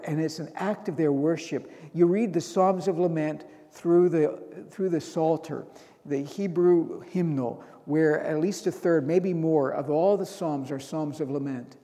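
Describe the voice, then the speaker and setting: Male preacher with a high voice, recorded in a reverberant hall, building to loud emotional passages. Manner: rising to loud emotional bursts reading scripture. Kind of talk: sermon.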